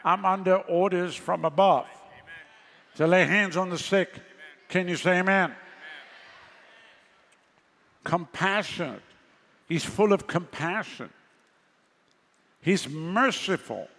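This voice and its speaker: A man's voice: high voice, slow, gravelly, long pauses, fairly bright tone, big-room sound. A male pastor preaching a sermon in a conversational way, with sarcastic asides.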